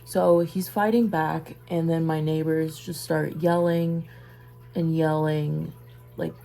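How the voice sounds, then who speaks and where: Young woman, casual vlog story, slow, gravelly, halting with soft asides. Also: deep voice, steady tone, low-quality recording. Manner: busy with a task while talking. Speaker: vlogger.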